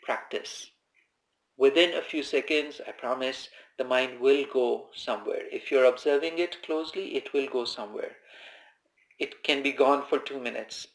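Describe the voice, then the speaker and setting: A man giving informal spoken meditation instruction, calm and conversational, who repeats his key phrases. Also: mid-range voice, moderate pace. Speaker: meditation teacher. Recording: echoey room.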